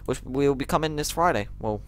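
A man giving rambling let's play commentary, jumpy and quick to shriek when startled. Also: medium pitch, fairly bright tone.

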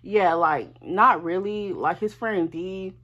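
A woman telling a storytime to her viewers in a lively, profane, chatty way, speaking straight to them. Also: lowish voice, takes it slowly. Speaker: vlogger. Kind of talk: casual storytime.

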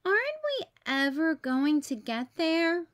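A woman's voice: sits high, unhurried, voice pushed up. A woman doing a bragging little boy. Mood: boastful. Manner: bragging, teasing. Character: boastful competitive young boy.

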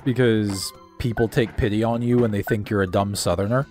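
A man co-hosting a casual gaming video, chatty and quick to yell at the game as he plays. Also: fairly low pitch, fairly even intonation, faint music behind. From American South. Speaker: co-host playing a video game.

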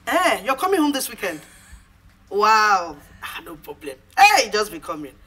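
A woman's voice: mid-range voice, sing-song, bright, forceful tone, exaggerated voice. An actress playing a cheerful, affectionate auntie with a Nigerian accent who laughs often as she talks. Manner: laughing, affectionate, slow and drawn out. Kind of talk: Nollywood film drama.

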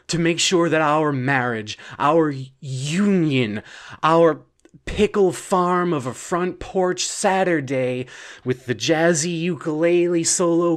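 A man delivering an absurdist comedic monologue, rambling and halting, with stammered restarts. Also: on the high side. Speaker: storyteller.

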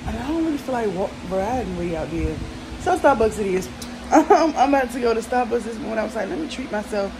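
A woman's voice: a little high, expressive, brisk, noisy background. A young woman with a Southern American accent, chatting casually and bluntly to her viewers, swearing freely, recorded at home on a phone. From Southern United States. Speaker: vlogger. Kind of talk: casual vlog chat. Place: at home, in bed.

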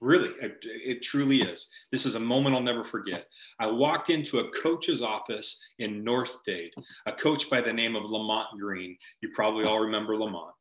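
Bright-voiced earnest man in an echoey room. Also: on the low side, moderate pace. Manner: earnest, repeats and restarts phrases. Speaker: ministry huddle host. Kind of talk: prayer and earnest storytelling. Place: home, virtual meeting.

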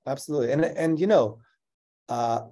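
A male scientist in a conversational interview, telling an animated story and laughing often. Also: medium pitch, normal speed. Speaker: scientist guest.

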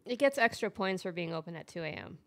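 A woman's voice: lowish voice, expressive, fast talker, gravelly, fairly bright tone, no room sound. A woman co-hosting a casual chat who adds brief remarks and reads comments from the chat. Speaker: co-host.

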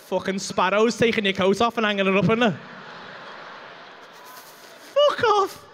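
High-voiced comic, swearing. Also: male voice, quick pace, background noise. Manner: swearing, animated, acts out the dialogue. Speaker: stand-up comedian. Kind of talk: stand-up comedy storytelling. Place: comedy club stage.

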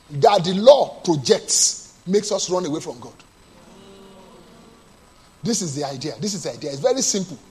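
A male pastor preaching a sermon, asking the congregation to answer and moving between quiet storytelling and loud bursts. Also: husky. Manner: call-and-response preaching, asks the congregation to answer; drops to a low soft storytelling voice, then bursts out loud.

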